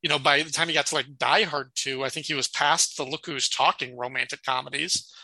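A man's voice: fairly high pitch, fairly even intonation, a little fast, bright, forceful tone, dry recording, rough recording. A man co-hosting a casual podcast, recapping scenes with many restarts and frequent laughs. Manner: stammers and restarts, laughs often. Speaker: podcast co-host. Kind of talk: casual chat about TV.

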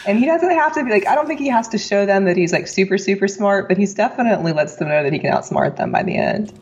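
Chatty woman with a lively pitch. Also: quick pace, muffled recording. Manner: chatty, many "like" fillers. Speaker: podcast co-host. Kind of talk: casual chat about a sitcom episode.

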